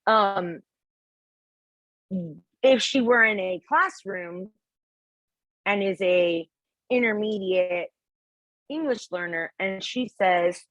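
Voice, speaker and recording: A woman's voice: medium pitch, takes it slowly, long pauses, fairly bright tone, no room sound, poor audio. A woman teaching a test-prep lesson in a chatty way, acting out bits of classroom talk. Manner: chatty, acts out classroom dialogue. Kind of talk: casual explanatory lesson.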